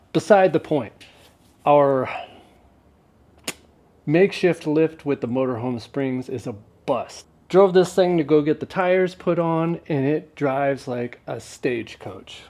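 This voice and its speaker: Laid-back man with a mid-pitched voice, joking wryly through a casual garage vlog. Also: mellow. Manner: laid-back and wry, with offhand jokes. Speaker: vlogger working on an old truck.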